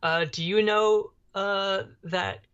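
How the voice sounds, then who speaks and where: A man's voice: high-pitched, fairly even intonation, takes it slowly, fairly bright tone, clean tone. A young adult man co-hosting a casual podcast, joking and rambling, often tripping over his words. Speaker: podcast co-host. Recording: dull lo-fi audio.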